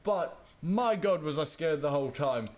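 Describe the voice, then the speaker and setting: Aussie guy rambling through a story while gaming, kinda high voice, keeps getting sidetracked. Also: lively intonation, normal speed. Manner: rambling, self-deprecating, easily sidetracked. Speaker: gaming vlogger. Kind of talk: casual storytelling while playing a game.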